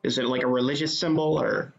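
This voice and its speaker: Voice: mid-range voice, fairly even intonation, fast, vocal fry. A player in an online tabletop game, chatting casually and joking in character. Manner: playful, jokes in character. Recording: roomy lo-fi mic under loud music.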